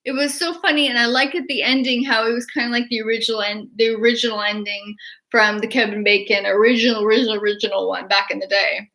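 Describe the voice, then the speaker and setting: A young woman chatting excitedly in a casual livestream, rambling with restarts and laughter. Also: a little high, fast. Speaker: artist and horror-fan vlogger.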